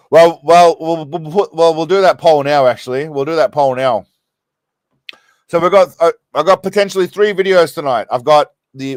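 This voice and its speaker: A man's voice: a little high, dry recording. An Australian man hosting a casual live stream from a small room, rambling and laughing as he thanks his viewers and keeps getting sidetracked.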